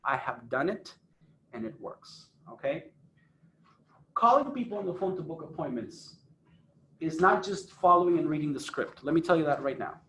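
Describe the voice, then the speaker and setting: A man's voice: fairly high pitch, expressive, moderate pace, fairly bright tone, reverberant, slight background noise. A man coaching a phone sales team, emphatic and repeating points for stress. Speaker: sales trainer. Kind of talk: phone sales training talk. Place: office phone room.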